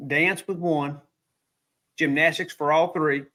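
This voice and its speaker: A man's voice: fairly high pitch, steady tone, takes it slowly, sharp tone. Laid-back man on a podcast. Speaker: podcast co-host. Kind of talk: casual chat.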